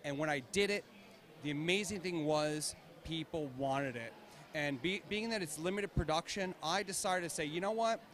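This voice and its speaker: A man's voice: on the high side, moderate pace, fairly bright tone. A man founding a vodka brand, talking casually in an interview and laughing often. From United States. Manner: enthusiastic, laughs often, repeats words.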